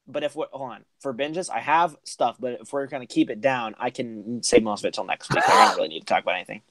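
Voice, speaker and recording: A man's voice: mid-range voice, fast talker, a bit bright, dry recording. Young dude cohost on his phone, jokey, lots of bro, dead dry sound. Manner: joking, teasing, slangy. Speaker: podcast co-host. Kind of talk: casual chat. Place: home, remote call. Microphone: phone with headphones.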